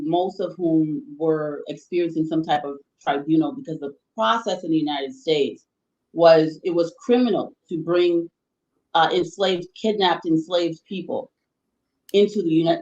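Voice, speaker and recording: A woman explaining history at length in conversation, thoughtful and full of restarts. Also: on the low side. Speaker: guest presenter on history. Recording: roomy, slightly dull sound.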